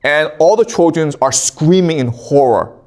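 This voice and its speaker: A man giving a casual storytelling history lecture, animated, often checking in with "okay?". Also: a little high, moderate pace.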